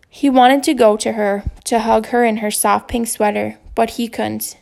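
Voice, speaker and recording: A woman calmly reading a children's novel aloud. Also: on the high side, moderate pace, vocal fry, few pauses. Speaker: audiobook reader.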